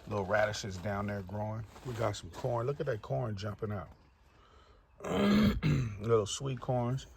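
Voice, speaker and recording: Relaxed low-voiced man touring his garden. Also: a little slow, slight background noise. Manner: relaxed, chatty, addresses viewers as y'all, many fillers. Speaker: home gardener giving a garden tour. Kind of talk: casual walk-through narration. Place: outdoors in a home garden. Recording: music playing clearly behind the voice.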